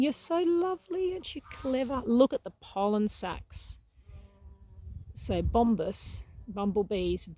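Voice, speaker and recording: A woman, rambling gently and exclaiming in delight while she walks through her outdoor garden, recorded on a handheld phone. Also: on the high side, dry recording. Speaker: gardening vlogger. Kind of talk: casual walking vlog.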